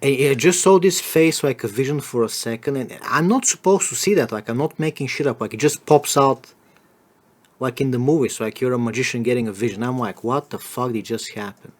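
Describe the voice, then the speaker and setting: A man's voice: mid-range voice, fairly quick. A man in casual podcast chat, rambling and crude, laughing often. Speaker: podcast host.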